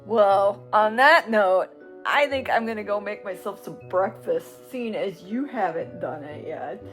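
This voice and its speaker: A middle-aged Midwestern woman, a travel vlogger, rambles casually as she films her day at home. Her mid-range voice is expressive and unhurried, with soft music playing in the background.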